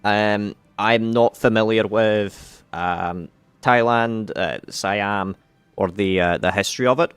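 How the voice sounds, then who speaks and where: A man's voice: fairly low pitch, slow pace, fairly bright tone, clear, resonant tone, no echo, soft background music. Hesitant man hosting a game stream. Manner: hesitant, many fillers and restarts. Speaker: game community specialist hosting a live stream. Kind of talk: casual live-stream chat.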